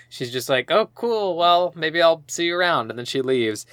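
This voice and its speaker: A man's voice: animated, brisk, hardly any pauses, bright, forceful tone, clear, resonant tone, no room sound, clean studio sound. A man co-hosting a podcast, casually recapping a film and mimicking its characters. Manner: retells scenes, mimicking characters in a low mumble. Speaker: podcast co-host. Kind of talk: casual movie recap chat.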